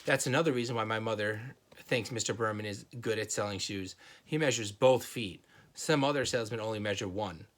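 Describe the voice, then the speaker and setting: A man reading a children's chapter book aloud in a steady storytelling manner. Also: fairly low pitch, brisk. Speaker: reader.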